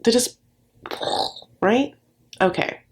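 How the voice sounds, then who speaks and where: A woman's voice: on the high side, very slow, slight background noise. A woman giving a sassy, campy recap of a reality TV show, calling her viewers "honey" and acting out quotes in put-on voices. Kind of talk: casual commentary.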